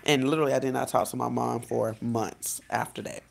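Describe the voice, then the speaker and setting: A woman vlogging as a life coach, talking straight to her viewers in a loose, chatty way. Her voice carries a gravelly fry. She keeps correcting herself and calling her audience "guys" and "y'all". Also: extremely low pitch, steady tone, fairly quick. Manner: frequent "literally" and self-corrections. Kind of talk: casual vlog storytelling.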